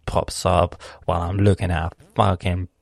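Gravelly man on a profane rant. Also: low voice, level tone, moderate pace, no echo. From Lebanon. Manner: swears constantly, swings from loud outbursts to hissed whispers.

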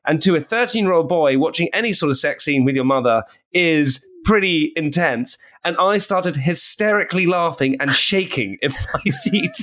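A man in his thirties from England, a podcast guest chatting casually and telling excitable, animated stories with bursts of laughter. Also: fairly high pitch, normal speed, hardly any pauses. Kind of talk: casual chat.

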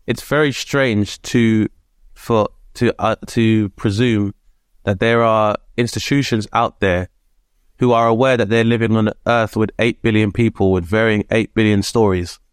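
A man hosting a casual podcast chat, reflective and halting as he searches for his words. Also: fairly low pitch, fairly even intonation, clean tone, dry recording, studio quality.

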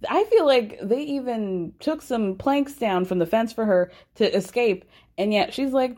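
A young adult woman hosting a casual, gossipy TV recap, sassy and animated, with sarcastic asides. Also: a little high, measured pace, hardly any pauses. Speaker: recap podcast host.

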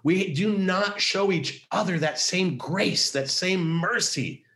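A man's voice: high-pitched, slow, pushed and bright. Earnest middle-aged man telling a story. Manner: earnest, emphatic, repeats key phrases. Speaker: pro-life activist guest. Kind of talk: personal storytelling in a podcast interview.

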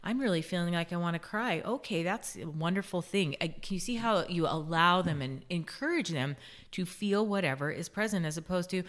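A woman's voice: lowish voice, expressive, brisk. A middle-aged woman co-hosting a podcast, talking earnestly and telling stories from her own family life. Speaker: podcast co-host. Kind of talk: casual podcast conversation.

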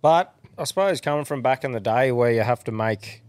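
A man's voice: mid-range voice, fairly quick, darkish tone, smooth, no echo. A man co-hosting a podcast, sweary and enthusiastic. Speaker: podcast co-host. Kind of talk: casual chat.

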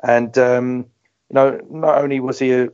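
Flat, mellow-voiced man on a podcast. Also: medium pitch, normal speed, clean tone. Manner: hesitant, many fillers, respectful tone. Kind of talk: casual podcast chat. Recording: slightly muffled audio.

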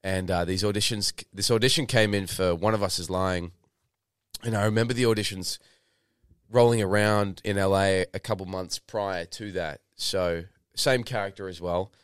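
Young Australian guy, deep and smooth, rambling storyteller, dry close mic. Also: fairly even intonation, moderate pace, dry recording. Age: 20s. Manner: rambling, lots of fillers and restarts, swears casually. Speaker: podcast guest, actor. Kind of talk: casual interview storytelling.

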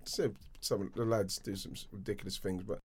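A man's voice: on the low side, brisk, noisy background. A man co-hosting a podcast, telling stories in casual chat and laughing often. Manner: laughing, animated storyteller. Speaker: podcast co-host.

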